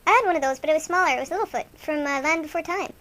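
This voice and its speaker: A woman's voice: high voice, very fast, a bit bright. A woman hosting an improvised comic radio show, playing two goofy young male rock-fan buddies in rambling, self-mocking banter.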